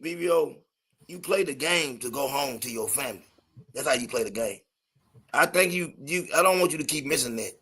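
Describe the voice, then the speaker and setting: Male host, bright and husky, pressing and interrupting in a heated debate. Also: medium pitch, animated, brisk. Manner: pressing, interrupts, repeats the other's name. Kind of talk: heated sports talk debate.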